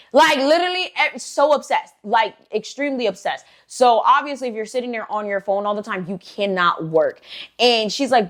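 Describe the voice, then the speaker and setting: A woman's voice: medium pitch, fairly quick. A woman hosting a storytime channel, telling a story casually with lots of slang, "like" fillers and swearing.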